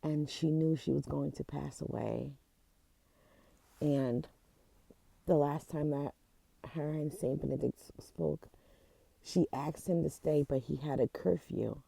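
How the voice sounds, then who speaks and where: A woman in a casual vlog, retelling a story in an emotional, halting way, close to tears, with many restarts. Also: sits low, steady tone, vocal fry, dark tone, breathy edge, no room sound. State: teary, close to crying. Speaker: vlogger. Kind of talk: casual chat.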